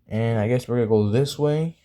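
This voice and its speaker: A man's voice: medium pitch, brisk, dark tone. A young man chatting casually as he draws, rambling and apologetic, full of fillers and restarts. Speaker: drawing tutorial creator. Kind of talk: casual drawing tutorial chat.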